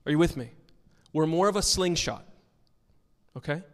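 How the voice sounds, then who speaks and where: A man's voice: a little high, expressive, moderate pace, long reverb tail. A pastor preaching a sermon to his congregation, emphatic and earnest, telling stories between points. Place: church sanctuary with a congregation.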